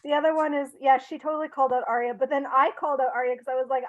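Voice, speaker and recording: High-voiced woman, teasing podcast co-host. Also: fairly even intonation, rapid-fire, no echo, lo-fi sound. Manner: laughing, teasing banter. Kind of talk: casual chat.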